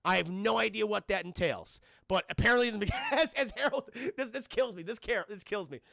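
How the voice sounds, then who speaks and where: A man's voice: high voice, brisk, gravelly, bright, forceful tone, no room sound, studio quality. A man reviewing a film on a live stream, talking casually and profanely, rambling and often addressing his chat.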